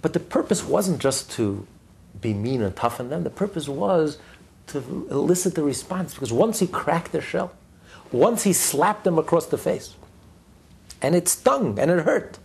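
A man's voice: on the high side, lively intonation, normal speed, vocal fry, darkish tone, husky. A man giving a sermon as a religious teacher, driving his points home with emphatic, repeated lists. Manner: tells a joke story mid-lesson.

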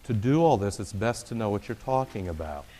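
A man's voice: on the low side, expressive, a little fast, dark tone, slight background noise. A middle-aged man giving a conversational, wry lecture-style sermon. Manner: conversational and wry, with sarcastic asides. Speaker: preacher. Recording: long reverb of a large hall.

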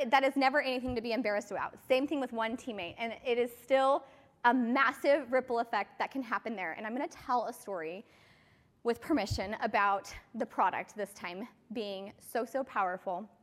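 A woman with a slightly high voice gives a motivational talk to her team, chatty and loose, full of little fillers. Her voice carries a long reverb, as if in a large hall. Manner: chatty, filler-heavy storytelling. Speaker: team leader speaking to her sales team.

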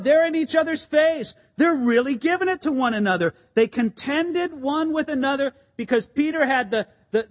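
A man pastor preaching an expository sermon in an animated, conversational and emphatic way, with asides to the congregation. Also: very high voice, in a large hall.

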